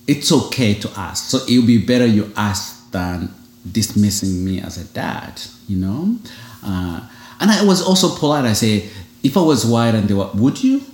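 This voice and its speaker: A man's voice: on the low side, moderate pace. Guy guesting on a podcast, tells stories with lots of voices, echoey room. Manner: animated storyteller who acts out quoted voices. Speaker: guest, foster and adoptive father. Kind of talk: casual interview talk.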